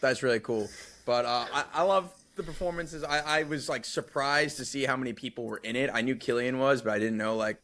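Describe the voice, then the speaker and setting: A man's voice: medium pitch, fairly quick, a bit bright. A man co-hosting a casual movie podcast, easygoing and hesitant, often restarting his sentences. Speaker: podcast co-host.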